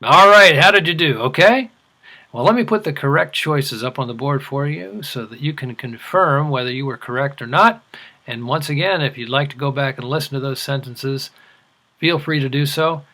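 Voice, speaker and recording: A middle-aged man teaching an English lesson, enunciating slowly and deliberately for learners. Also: mid-range voice, bright, forceful tone. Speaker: ESL teacher. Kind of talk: scripted language lesson.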